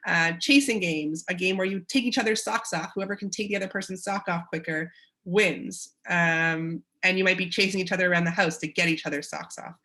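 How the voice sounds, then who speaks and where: A woman's voice: fairly low pitch, sharp tone. A woman with a Canadian accent presents a parenting webinar in an encouraging way, acting out short quotes of parents and children.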